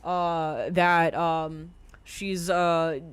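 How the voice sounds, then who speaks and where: A woman's voice: fairly low pitch, steady tone, very slow, smooth. A young woman streamer ranting on a live stream. She swears constantly and fills her talk with ums. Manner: profane, escalating rant with frequent ums.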